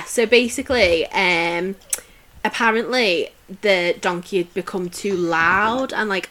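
A woman's voice: mid-range voice, bright, forceful tone. A woman co-hosting a casual podcast, telling history stories in a chatty way with many fillers and restarts. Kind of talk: casual chat.

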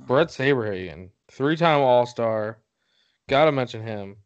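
A man's voice: medium pitch, lively intonation, unhurried, clean tone, dull audio. A man co-hosting a podcast, chatting casually, rambling through stats and laughing often. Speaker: podcast co-host. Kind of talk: casual chat.

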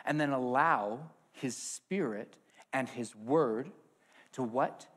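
A man preaching a sermon with an object lesson, swinging between hushed asides and loud emphasis. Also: mid-range voice, slow pace.

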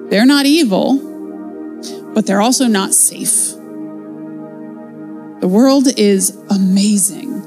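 Chatty woman teaching Bible, higher voice. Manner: chatty, playful, conversational. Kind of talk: casual devotional Bible teaching.

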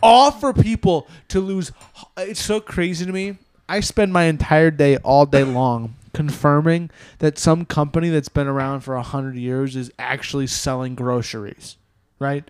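A man's voice: on the high side, fairly even intonation, moderate pace, smooth, dry recording. A young man hosting a casual podcast with friends, rambling and joking. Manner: joking, rambling, laughs often. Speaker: podcast host. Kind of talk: casual chat.

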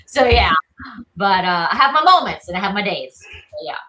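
A woman's voice: mid-range voice, big pitch swings, moderate pace, sharp tone, low-quality recording. A woman in her thirties from South Carolina with a Southern accent, chatting as an interview guest with many "you know"s and "like"s. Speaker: actress guest. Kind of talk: casual interview chat.

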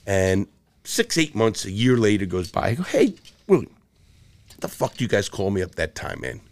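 Profane Brooklyn storyteller, low voice. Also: male voice, fairly quick. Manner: swears constantly, animated storyteller acting out dialogue. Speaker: podcast guest, former jewel thief.

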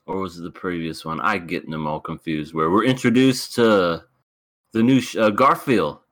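Deep-voiced man laughing on a podcast. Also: moderate pace, fairly bright tone, no echo. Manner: laughs a lot, hesitant with fillers. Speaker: podcast co-host. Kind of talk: casual chat.

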